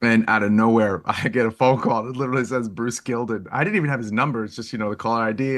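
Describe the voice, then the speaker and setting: A man, a photographer guest on a podcast, telling stories in a lively, animated way, acting out quoted speech and laughing often. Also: medium pitch, fast talker, hardly any pauses. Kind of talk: casual interview storytelling.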